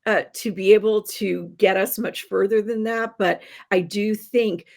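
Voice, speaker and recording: A woman guest on a podcast, talking animatedly about novels she loves, laughing and adding quick asides. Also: mid-range voice, darkish tone. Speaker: guest book critic. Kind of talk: enthusiastic podcast interview.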